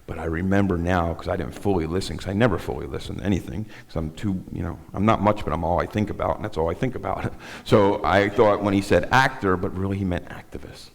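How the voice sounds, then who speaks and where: A middle-aged man with a very low, deep voice tells his own story from the front of a synagogue sanctuary. He talks in a rambling, halting way, restarting his sentences. His words ring out with a long reverb through the large hall. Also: vocal fry. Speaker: guest speaker. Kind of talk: personal testimony talk.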